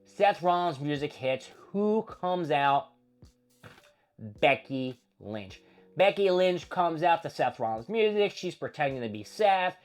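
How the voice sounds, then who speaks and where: A man hosting a show, recapping a wrestling feud in a casual, profane, animated storytelling manner. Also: a little high, takes it slowly, soft background music. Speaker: host.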